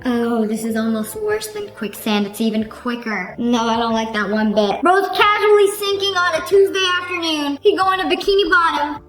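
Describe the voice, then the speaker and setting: Woman host, high and very animated delivery, sarcastic reaction commentary. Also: normal speed, few pauses. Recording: roomy echo with faint music.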